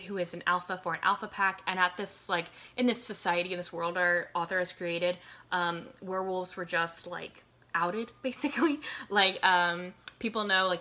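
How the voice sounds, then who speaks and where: Young woman in her early twenties, book chat host, low pitched but bright and forceful, rambling and laughing. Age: 22, college student. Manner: rambling, lots of "like" and "um", frequent laughs. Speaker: book reviewer. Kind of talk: casual chatty book recommendations.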